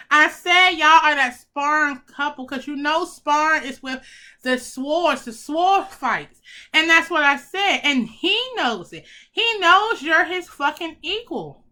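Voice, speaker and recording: Bright-voiced excitable woman reading tarot. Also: high-pitched, takes it slowly. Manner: chatty, excitable, swears, addresses viewers as y'all. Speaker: tarot reader. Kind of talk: casual tarot reading to viewers.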